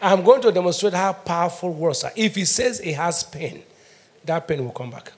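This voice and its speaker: A man's voice: sits high, lively intonation, moderate pace, a little hiss or hum. A middle-aged man with a Nigerian accent preaching a sermon as pastor, emphatic, asking the congregation questions and having them answer. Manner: emphatic call-and-response preaching.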